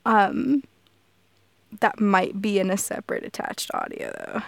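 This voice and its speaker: A woman's voice: mid-range voice, wildly swooping pitch, unhurried, gravelly, no echo. Goofy Texas woman with a Southern accent. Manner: goofy, laughs often, swears casually. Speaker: audio creator. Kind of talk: casual solo chat.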